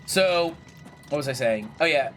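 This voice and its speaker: A man's voice: fairly high pitch, animated, unhurried, fairly bright tone, faint music behind. A young man casually commentating his gameplay, chatty and jokey, swearing freely and talking to himself and the game characters. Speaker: gaming video creator.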